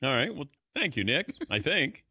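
A man's voice: fairly high pitch, big pitch swings, pushed and bright, breathy edge, dry recording, studio quality. A man hosting a sports radio talk show, easygoing and jokey. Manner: easygoing, jokey, quick to laugh. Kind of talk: casual sports radio chat.

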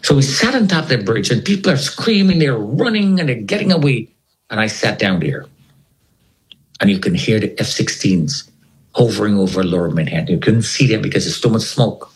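A man with a fairly low voice tells a personal story to an interviewer. His pitch swings widely as he tells it. He acts out each person's voice in turn, with plenty of energy. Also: very animated, brisk, rough recording. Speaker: interview guest.

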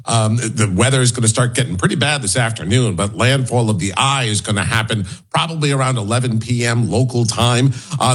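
Male radio news reporter, husky voice, steady and informative. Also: medium pitch. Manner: informative, steady, a few restarts. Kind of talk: talk radio discussion.

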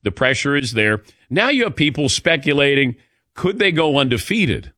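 An older man hosting a sports radio show, telling stories in a casual, animated way with chuckling asides. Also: medium pitch, brisk, dry recording, clean studio sound. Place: radio studio.

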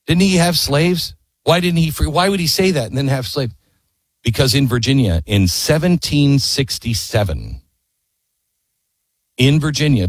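A man's voice: medium pitch, slightly rough, dry recording, clean studio sound. A man giving an impassioned history talk, telling the story with emphasis and firing off rhetorical questions.

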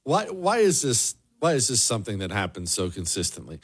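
Fairly low and slightly rough, his voice swoops wildly in pitch as he talks briskly. He hosts a political commentary show, delivering a sarcastic, emphatic solo monologue that leans heavily on repetition.

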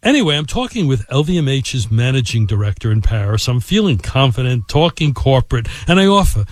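Animated man telling a story. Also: mid-range voice, a little fast, hardly any pauses, no room sound. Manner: animated, expressive. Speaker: podcast host and storyteller. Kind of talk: anecdotal storytelling.

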